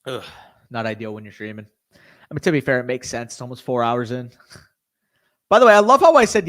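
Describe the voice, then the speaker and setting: A tired, hiccuping young man hosts a casual live stream, reacting to events, talking to chat, swearing freely, and getting worked up. His mid-range voice is a bit bright, fairly quick, and lively in intonation, with long pauses.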